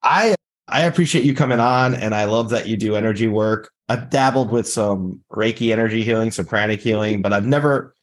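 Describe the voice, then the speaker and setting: A male show host with a lowish voice, speaking earnestly to his guest. He talks in a friendly, slightly halting way, with small restarts. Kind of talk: interview hosting.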